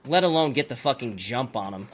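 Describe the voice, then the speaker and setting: A man's voice: medium pitch, expressive, a little fast, fairly bright tone, slight background noise. A man streaming a survival game, chatting casually with teammates in profane, exasperated bursts. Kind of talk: casual gaming chat with teammates.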